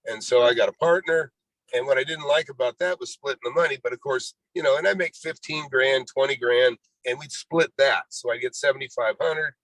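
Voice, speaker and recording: Fairly quick and fairly bright in tone, this medium-pitched male voice belongs to a real estate investor in his sixties telling his life story as an interview guest. He rambles, drops "you know" constantly, and acts out quoted dialogue. The recording has no echo and is low in quality.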